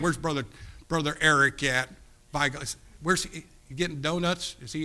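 A pastor preaches in an earnest, pleading way, telling a personal story to his congregation. His voice is bright and forward, rising loud and then dropping almost to a hush. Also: medium pitch, fairly quick. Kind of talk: storytelling sermon.

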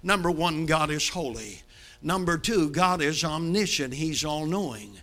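A man in his seventies from Brooklyn preaching a sermon from the pulpit, dramatic, swinging from loud bursts to low hushed line endings. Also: animated, a little slow. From Brooklyn, New York. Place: church sanctuary, behind a pulpit.

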